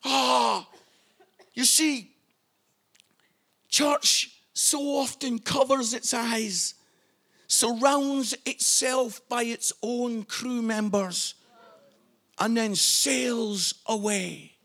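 Impassioned high-voiced pastor. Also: male voice, fairly even intonation, extremely slow, vocal fry, long pauses. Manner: impassioned, building to shouted appeals. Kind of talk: passionate sermon.

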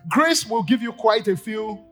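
A Nigerian man preaching a sermon in church, acting out little scenes in quoted voices and swinging from loud bursts to quiet asides. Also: sits high, lively intonation, measured pace, faint music behind. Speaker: pastor. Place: church service.

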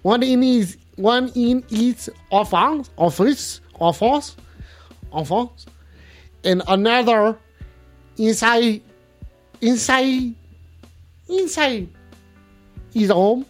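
A man's voice: very high-pitched, drawn-out words, long pauses, soft background music. A man hosting a live call-in show in a clumsy put-on French accent, playful and rambling.

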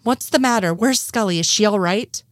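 Woman doing a nervous nerdy guy, innocent, slightly raised pitch. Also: normal speed, dry recording, clean studio sound, natural voice. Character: nervous, well-meaning male conspiracy nerd.

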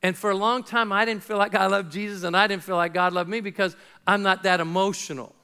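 A man's voice: high voice, steady tone, brisk, pushed and bright, clear, resonant tone. A middle-aged man preaching a sermon as pastor, talking conversationally and acting out little dialogues.

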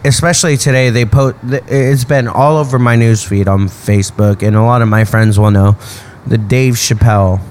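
A man's voice: medium pitch, fairly even intonation, normal speed, darkish tone, slight background noise. A man from the United States in casual podcast chat, telling a story with lots of fillers and some swearing.

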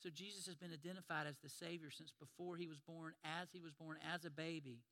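A man's voice: on the high side, steady tone, fast talker, sharp tone, long reverb tail. A man preaching a sermon in a conversational storytelling way, retelling scenes and acting out the lines.

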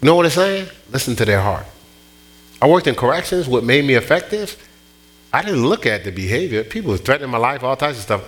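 A middle-aged man preaching a sermon, telling stories in an animated way with many restarts and repeats. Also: mid-range voice, brisk. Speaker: pastor.

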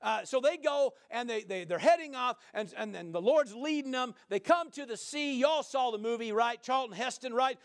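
A man preaching a sermon in a folksy, joking way, often asking the listeners "right?" and swinging from loud to soft. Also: extremely high pitch, expressive, normal speed, few pauses.

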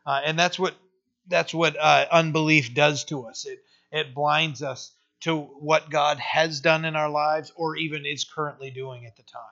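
A man's fairly high voice stays steady, unhurried, bright and forceful as he preaches conversationally to his church. Rhetorical questions and a recurring "right?" fill the talk, recorded in dull lo-fi quality.

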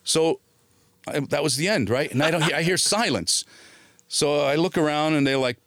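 A man's voice: on the high side, normal speed, no echo, clean studio sound. Swearing New man telling stories. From born in Italy, raised in New Jersey. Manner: animated storyteller, acts out quoted voices, swears freely. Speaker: guest actor. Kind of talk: storytelling in a podcast interview.

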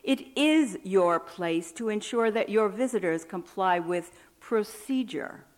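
A woman's voice: on the high side, animated, a little slow, voice pushed up. Condescending prison captain, read by a woman. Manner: condescending, forbearing. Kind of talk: reading a personal essay aloud.

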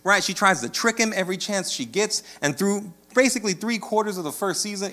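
Conversational male pastor preaching. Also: mid-range voice. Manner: conversational, rising to animated storytelling with frequent "right?". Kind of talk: sermon.

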